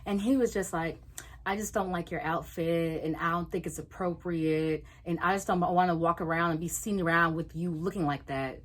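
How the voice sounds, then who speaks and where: A young woman vlogger telling a casual story, animated, swearing freely and acting out what people said. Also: fairly low pitch, moderate pace.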